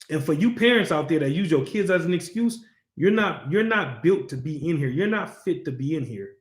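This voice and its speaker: A man with a high-pitched voice leads a scripture class, speaking bluntly and swearing freely. He keeps asking his listeners whether they understand. The room around him is echoey. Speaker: class teacher.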